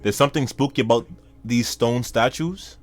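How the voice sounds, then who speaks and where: A man reading out the lines of wary adult hunters from a comic, in a lower, flat voice. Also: moderate pace, close to an everyday voice. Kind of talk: reading comic dialogue aloud.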